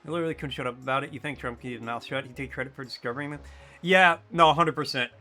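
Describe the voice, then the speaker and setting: A man's voice: medium pitch, very fast, pushed and bright, faint music behind. A man streaming a video game, chatting loosely and jokily with casual swearing. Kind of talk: casual gaming stream chat.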